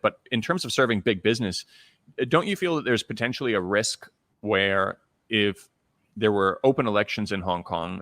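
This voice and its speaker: A man's voice: on the low side, a bit bright, dry recording, studio quality. A man raised in Canada hosting a conversational interview, thoughtful and full of fillers and restarts. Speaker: interviewer, channel host.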